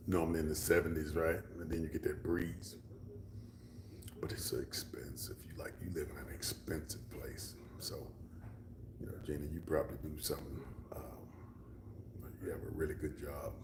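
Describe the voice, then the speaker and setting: Deep-voiced man chatting to viewers. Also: echoey room, background noise. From Texas. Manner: rambling, drops to a whisper for asides. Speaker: livestream host. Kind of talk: casual livestream chat with viewers.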